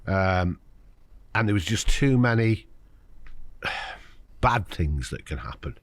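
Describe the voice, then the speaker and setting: A man's voice: deep voice, very animated, slow, dry recording. Frank older man telling a story. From United Kingdom. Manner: frank, anecdotal, acts out quoted voices. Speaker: podcast guest. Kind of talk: candid conversational storytelling.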